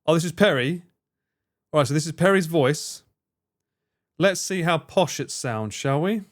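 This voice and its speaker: A man's voice: fairly high pitch, expressive, unhurried. A man streaming live, chatting casually with his viewers, swearing freely, laughing and bantering.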